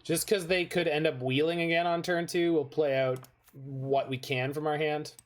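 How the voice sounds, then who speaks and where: A man's voice: on the high side, fairly even intonation, moderate pace. A man giving chatty, rambling gameplay commentary while playing an online card game, with jokey asides.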